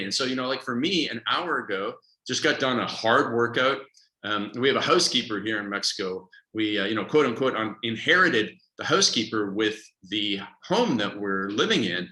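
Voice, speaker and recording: A man's voice: mid-range voice, moderate pace, roomy sound, poor audio. A man coaching on a motivational podcast, talking emphatically and acting out the voices in people's heads. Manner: energetic, emphatic, acts out inner voices. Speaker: productivity coach.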